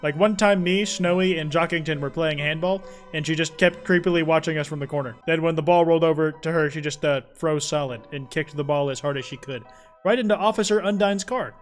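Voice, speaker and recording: A man's voice: fairly high pitch, fairly quick, soft background music, close to an everyday voice. A man doing a chatty gossipy schoolkid.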